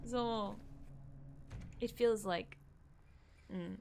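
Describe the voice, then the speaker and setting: Young female game streamer, chatty and jumpy, mid-pitched, faint room hum behind. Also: drawn-out words, vocal fry, a little mellow. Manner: chatty, easily spooked, thinks aloud. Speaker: gaming streamer. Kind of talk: casual live-stream commentary.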